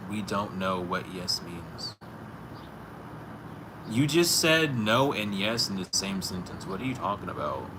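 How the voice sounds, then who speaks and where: Out on a street, a man with a deep, animated voice vlogs at an unhurried pace over a noisy background. He's casual and incredulous, chuckling as he argues back at someone we can't hear in this relaxed spoken monologue.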